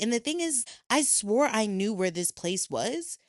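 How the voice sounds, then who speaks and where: A young adult woman hosting a podcast, telling a personal story in a casual, animated way, swearing freely and acting out what people said. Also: mid-range voice, normal speed, few pauses, no echo, studio quality. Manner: animated, swears freely, acts out quoted voices. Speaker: podcast host.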